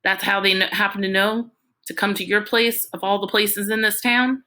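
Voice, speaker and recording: A woman's voice: medium pitch, steady tone, moderate pace, sharp tone, lightly acted. A woman voicing a domineering ex-convict preacher, a middle-aged man who speaks in a drawling, bossy way. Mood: menacing. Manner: drawling, domineering, calls the boy "boy".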